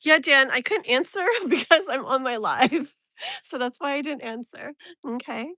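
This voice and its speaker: Woman, casual live-stream host, chatty and rambling, laughs a lot, slightly high voice. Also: unhurried, bright, forceful tone, no room sound, clean studio sound. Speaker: live tarot reader and streamer.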